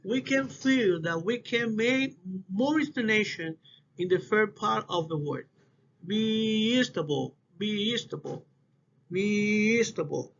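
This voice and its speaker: A man with a fairly high voice gives a class presentation, speaking slowly and haltingly and repeating example words. The recording is dull and lo-fi, with a faint hiss of noise behind him. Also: lively intonation, a bit bright. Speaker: student presenter. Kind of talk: class presentation on word stress.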